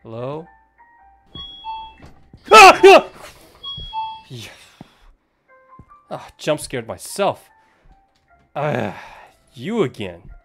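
This male streamer has a medium-pitched voice with wide pitch swings, stretched-out words, vocal fry, a breathy edge, and frequent pauses, all over faint music. He provides live commentary on his game, chatting with his audience and the characters and startling easily as things happen.

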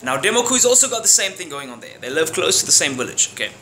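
Brash South African guy with a bright voice. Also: a little high, fast, slight background noise. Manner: animated, profane, slangy, acts out characters with sound effects. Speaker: vlogger. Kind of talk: casual storytelling vlog. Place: room at home.

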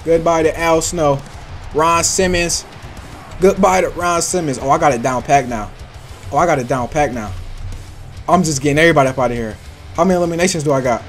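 A man's voice: fairly high pitch, fairly quick, pauses often, faint music behind. A young man giving casual, hyped gameplay commentary, trash-talking opponents in slangy banter. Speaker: gaming YouTuber.

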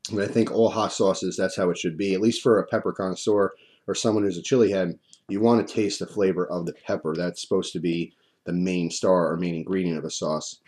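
A man reviewing hot sauce on video in a relaxed, rambling way, his mouth burning and drooling as he talks at his desk. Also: deep voice, fairly quick. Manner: relaxed, chatty, rambling with restarts.

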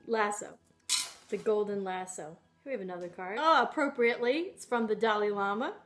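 Giggly woman vlogger, fairly high, slow but bouncy pitch. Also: lively intonation, fairly bright tone. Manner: giggly, laughs often. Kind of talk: playful fan vlog.

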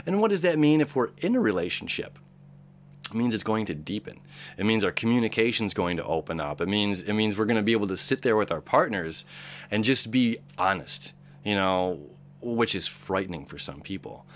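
A man's voice: on the low side, lively intonation, a little fast. A young man hosting an astrology channel, talking casually and upbeat, rambling with many fillers and acting out little inner voices. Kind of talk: casual spoken astrology reading.

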